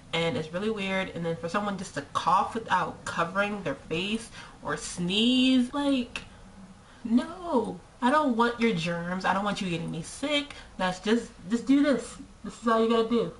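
A woman's voice: medium pitch, slight background noise, poor audio. Exasperated young woman vlogging. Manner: exasperated and animated, with many rhetorical questions; frequent "like" fillers. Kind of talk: casual chat to camera.

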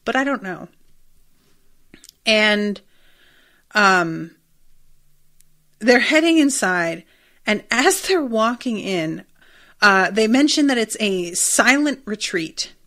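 A woman's voice: medium pitch, expressive, slow pace, long pauses, a bit bright. A woman hosting a podcast, recapping a TV episode in a rambling, chatty way and swearing freely. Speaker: podcast host.

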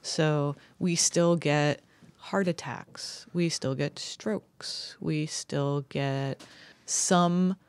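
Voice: mid-range voice, steady tone, smooth. A podcast panelist chatting casually, stumbling over words and filling gaps with "like" and "uh". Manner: halting, filler-heavy, matter-of-fact.

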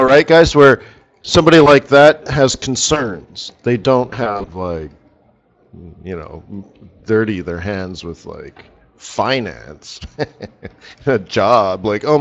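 A man's voice: medium pitch, slow pace. A man hosting a live currency trading session, telling rambling anecdotes in casual chat and laughing at his own jokes. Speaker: forex market strategist hosting a live session. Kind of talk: casual live-stream commentary.

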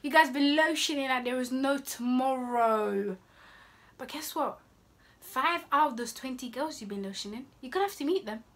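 A woman's voice: high-pitched, moderate pace, a bit bright. A young woman, giving sassy, scolding dating advice in a casual vlog. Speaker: vlogger.

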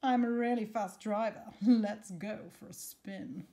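A woman voicing a boastful, show-off male scarecrow rogue, speaking loudly and bragging, in a storybook reading. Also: mid-range voice, steady tone, unhurried, natural voice. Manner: loud and boastful.

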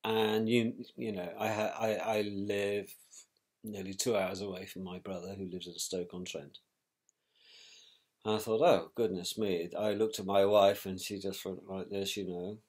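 A middle-aged man, recalling a painful family event in a measured, reflective way with pauses and restarts. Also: on the low side, flat delivery, a little mellow. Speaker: interviewee, victim's brother. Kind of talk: personal recollection.

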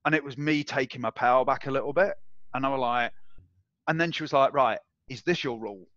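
A man being interviewed, telling a personal story in a casual, animated way and acting out the voices of others. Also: medium pitch, a little fast, no room sound. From England. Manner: animated, acts out quoted voices, swears and laughs. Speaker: interview guest. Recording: dull, dry audio.

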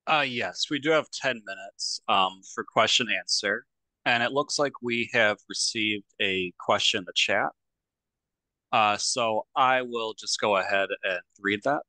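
A man's voice: on the low side, unhurried, sharp tone, no echo, poor audio. A man moderating a question session on a video call, reading out questions and starting with hesitant uhs.

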